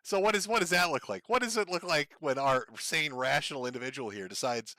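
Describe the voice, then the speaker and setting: A man commenting on a live stream with a sarcastic, mocking edge and frequent laughter. His voice is bright and a little high for a man, and it swings widely in pitch. The sound is dry and close. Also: lively intonation, brisk, dry recording. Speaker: stream host.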